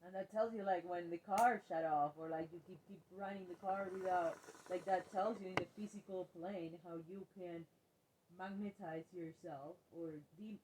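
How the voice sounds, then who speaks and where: Low-voiced woman with halting speech. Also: fairly even intonation. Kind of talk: domestic argument on a vlog. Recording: noisy background.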